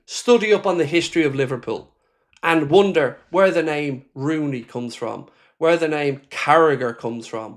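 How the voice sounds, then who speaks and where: A man's voice: on the high side, moderate pace. An Irishman hosting a live football fan reaction stream, ranting angrily, swearing and reading viewer comments aloud. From Ireland. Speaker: fan channel host.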